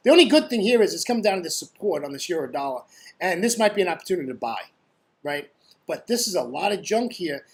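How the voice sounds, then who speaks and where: Chatty high-voiced man. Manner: chatty, constantly asks "right?"; blunt and joking. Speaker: forex trading educator. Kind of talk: casual screen-share trading commentary.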